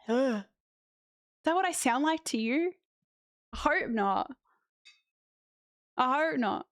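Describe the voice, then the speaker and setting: Unhurried Australian woman chatting on stream. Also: high voice, expressive, no room sound. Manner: chatty, reacting aloud while reading chat. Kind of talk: casual live-stream chat.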